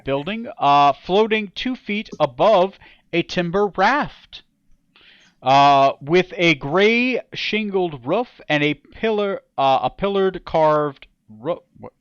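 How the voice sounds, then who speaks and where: A man's voice: sits high, lively intonation, a bit bright, clean tone, no room sound, highs cut off. Casual man running a tabletop game. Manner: casual, halting narration with fillers. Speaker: game master.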